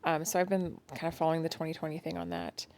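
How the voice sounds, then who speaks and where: Woman podcast co-host, low-pitched, relaxed and chatty, quick to laugh at herself. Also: gravelly. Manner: chatty, self-deprecating, laughs often. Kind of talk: casual chat. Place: home at night, kids asleep nearby.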